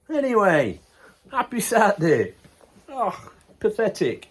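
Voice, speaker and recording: A man's voice: high-pitched, huge pitch swings, moderate pace. A middle-aged man, chatting casually to camera, ranting bluntly, then laughing it off with good humour. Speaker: vlogger.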